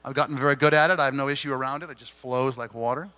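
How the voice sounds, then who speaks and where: A middle-aged man giving an inspirational keynote talk at a conference, earnest and gently confessional, with dramatic pauses. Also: medium pitch, fairly even intonation, clean tone, dry recording. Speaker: keynote speaker. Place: conference hall stage.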